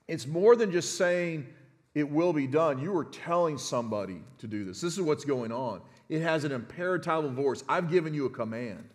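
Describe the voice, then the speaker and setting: A middle-aged man preaching an expository sermon as a pastor in a conversational way, often restarting words and checking in with the congregation. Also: on the high side. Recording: long reverb of a large hall.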